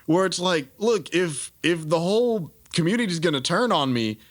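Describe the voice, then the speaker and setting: Animated man chatting on a podcast. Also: high-pitched, normal speed. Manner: animated, rambling with many restarts and fillers. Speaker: podcast co-host. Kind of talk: casual review chat.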